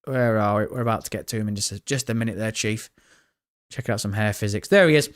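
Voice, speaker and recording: A young British man live-streaming, chatting excitedly with his viewers and swearing freely. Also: on the low side, fast. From Britain. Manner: excitable, swears often, chats directly to viewers. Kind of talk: casual live-stream chat.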